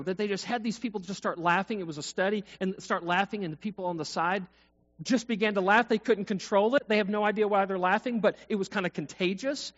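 High-voiced man preaching a sermon. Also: fairly bright tone. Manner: conversational, asks the congregation questions. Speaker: pastor. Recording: dull lo-fi recording.

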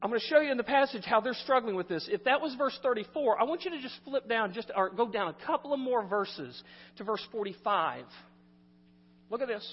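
Man, pastor, sermon, animated loud and soft swings, long church reverb, dull muffled sound. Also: very high-pitched, a little fast, slightly rough. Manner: animated, swings between loud emphasis and quiet asides. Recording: muffled recording in a reverberant hall.

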